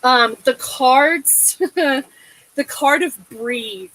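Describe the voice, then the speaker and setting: In a rough recording, a woman with a high, somewhat bright voice draws out her words as she gives a casual, emotive tarot reading. She swears often and checks in with a soothing "okay?"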